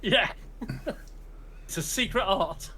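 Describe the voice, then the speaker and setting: A British man hosts a casual podcast chat, his voice sitting high for a man. He tells stories in a loose, rambling way, often laughing and circling back to restart a sentence. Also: animated, slow, sharp tone. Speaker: podcast host.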